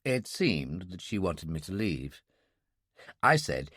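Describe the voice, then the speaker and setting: A man narrating a first-person thriller audiobook in a dry, measured, wry way. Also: deep voice, sing-song, a bit bright, dry recording.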